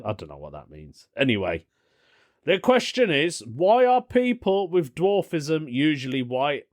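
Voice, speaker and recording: A man's voice: mid-range voice, sing-song, measured pace, no room sound, clean studio sound. A young man hosting a casual solo podcast, rambling and interrupting himself, often chuckling as he talks. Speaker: podcast host.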